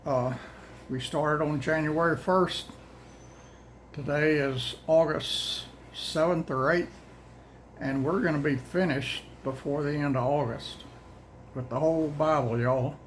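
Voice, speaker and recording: A man's voice: on the high side, fairly even intonation, a little hiss or hum, poor audio. Older man, drawl, rambling. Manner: folksy, plain-spoken, says y'all; rambling, halting, restarts often. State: out of breath. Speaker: host of daily Bible readings. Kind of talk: casual chat to viewers.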